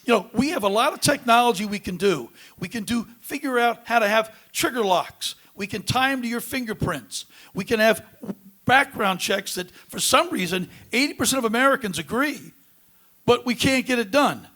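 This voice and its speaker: Guy running for congress, fairly high voice, earnest and pushy, lots of uhs. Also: expressive, moderate pace, fairly bright tone. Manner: earnest, emphatic, many uh fillers. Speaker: congressional candidate. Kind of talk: debate answers.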